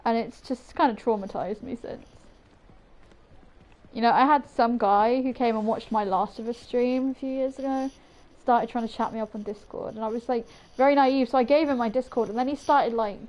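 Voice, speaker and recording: A woman's voice: a little high, steady tone, moderate pace, a little mellow, rough recording. A woman streaming a game, chatting casually with viewers in rambling asides. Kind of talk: casual gameplay commentary.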